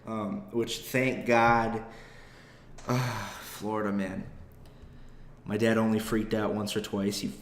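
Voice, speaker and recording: A man's voice: lowish voice, little pitch movement, slow, long pauses, slight background noise. A young adult man, a comedian hosting his podcast, tells a story in a rambling, profane, self-deprecating way. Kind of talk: casual comedic podcast monologue. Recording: roomy echo.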